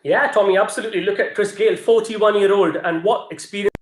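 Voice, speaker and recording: A man's voice: sits high, fast, roomy sound. A man speaking as a fan guest on a video call, confident and upbeat. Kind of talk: casual fan chat.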